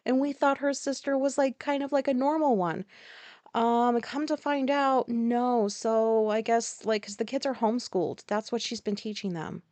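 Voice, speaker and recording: A woman's voice: a little high, moderate pace, darkish tone, no echo. An American woman hosting a podcast, telling a rambling personal story in a frank, casual way with lots of fillers and swearing. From United States. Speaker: podcast host.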